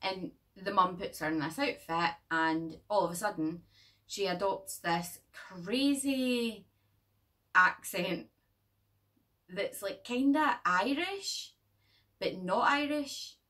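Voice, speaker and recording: A woman's voice: medium pitch, slow, pushed and bright, far from the mic. A young woman who reviews horror films in a casual vlog, chatty and rambling, swearing freely and joking along the way.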